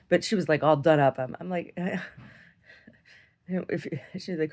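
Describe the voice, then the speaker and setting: A woman's voice: deep voice, expressive, takes it slowly, long pauses, darkish tone. A woman telling a long story in a casual video diary, rambling, restarting her sentences and laughing often as she talks. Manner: laughs often while talking. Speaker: video diarist.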